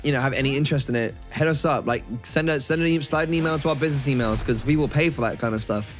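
A man's voice: mid-range voice, fast, faint music behind. A young man chatting casually while playing a video game, rambling with lots of restarts and "like". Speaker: co-host of a gaming video. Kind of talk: casual chat over gameplay.

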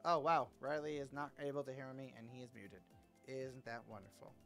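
A man streaming a racing game in casual chat, excitable and teasing, with loud sudden exclamations. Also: medium pitch, brisk, soft background music. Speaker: gaming streamer.

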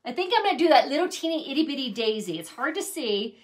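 A woman's voice: high-pitched, very animated, fast. A middle-aged woman hosting a casual craft tutorial, chatty and gushing over her handmade pieces. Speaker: craft channel host.

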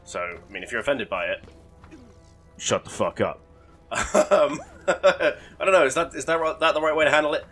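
A man's voice: fairly high pitch, moderate pace, long pauses, fairly bright tone, soft background music. A man giving casual, sweary, rambling commentary while playing a video game, often mocking himself. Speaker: gaming YouTuber.

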